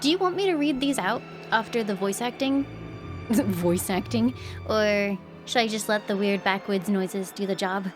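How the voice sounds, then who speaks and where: Speaking at a moderate pace in a medium-pitched voice, a young woman streams gameplay live from her home. Her chat is relaxed and full of laughter, she thanks viewers individually by name, and game music runs underneath.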